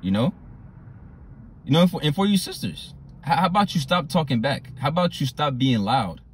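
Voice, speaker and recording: A man preaching a sermon, repeating "right?" and "you know" often and reading scripture slowly. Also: fairly high pitch, big pitch swings, a little hiss or hum. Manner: slow drawn-out scripture reading.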